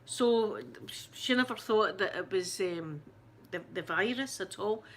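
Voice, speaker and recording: A Scottish woman chatting casually with her viewers, her voice shaken and close to tears. She talks haltingly, full of restarts and fillers, at a middling pitch for a woman. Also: animated, slight background noise. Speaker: ASMR channel host. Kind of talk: casual live chat.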